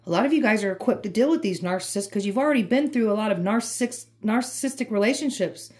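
A woman's voice: medium pitch, expressive, quick pace, darkish tone. A woman giving an emphatic, repetitive, fired-up tarot reading. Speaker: tarot reader.

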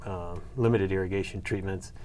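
A man's voice: sits low, fairly even intonation, normal speed, a little mellow, slight background noise. A middle-aged man answering interview questions about his research, hesitant with many fillers and restarts. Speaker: soybean breeder and agronomy professor.

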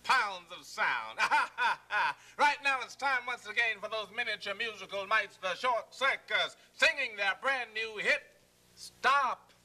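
A man playing a smooth, rhyming radio DJ with slow, drawn-out patter in a 1970s TV sketch. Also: sits high, animated, bright, forceful tone, voice pushed up, full character voice. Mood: jivey.

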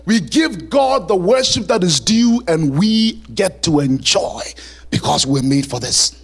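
A male pastor preaching a sermon in a church, animated and lively, now and then singing a line. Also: high voice, a little slow, husky. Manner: animated preaching, sings song lyrics and plays voices.

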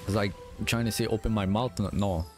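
Sleepy, low-voiced male game streamer. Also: little pitch movement, fast, a little mellow, soft background music. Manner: rambling, talks to himself while playing. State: sleepy, yawning. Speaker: gaming streamer. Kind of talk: casual gameplay commentary.

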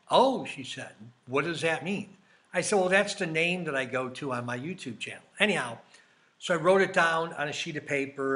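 Chatty man with a bright voice. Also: fairly high pitch. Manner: chatty, rambling anecdotes with quoted dialogue. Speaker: crypto YouTuber. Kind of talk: casual storytelling vlog.

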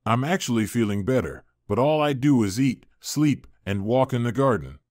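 Storybook older mother, gentle and sly, read by a man in a dry, mid-pitched voice. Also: animated, moderate pace, dry recording, lightly acted. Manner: soft, hopeful.

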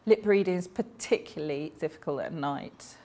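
Woman voicing someone's stories out loud, chatty, corrects herself now and then. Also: deep voice, moderate pace. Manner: chatty, anecdotal storytelling with small self-corrections.

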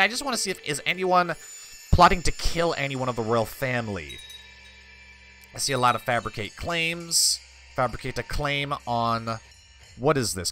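A man's voice: mid-range voice, pushed and bright, slight background noise. A man hosting a let's play, reading game text aloud in a mock-regal tone between wry, offhand asides. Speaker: gaming channel host.

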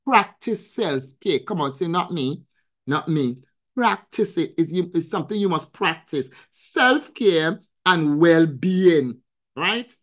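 A woman hosts a weekly live coaching stream, giving a motivational talk in an emphatic, preacherly style. She repeats phrases and answers viewers in the chat, and her lowish voice moves slowly with lively intonation.

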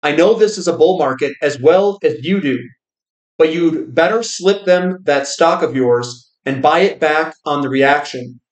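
A man's voice: fairly high pitch, measured pace, lightly acted. A man reading aloud as a pushy, impatient stock tipster who talks in an insistent, exasperated way. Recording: roomy echo.

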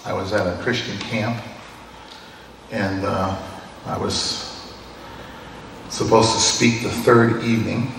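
A man's voice: fairly low pitch, flat delivery, slow, creaky, pauses often, a bit bright, a little hiss or hum. A man in his sixties preaching a sermon, telling personal stories in a conversational way and often chuckling. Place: church hall. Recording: echoey hall from a distant mic.

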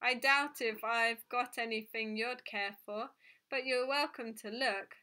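A soft-spoken, polite young girl, voiced by a woman reading aloud. She sounds curious and kind, with a high, bright voice. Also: steady tone, measured pace. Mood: polite, gentle. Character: gentle, polite little girl.

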